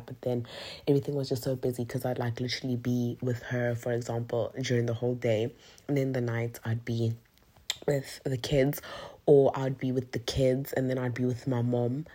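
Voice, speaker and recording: A woman's voice: a bass voice, mellow. A young woman hosting her own podcast in casual, giddy, rambling chat, often saying "like". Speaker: podcast host.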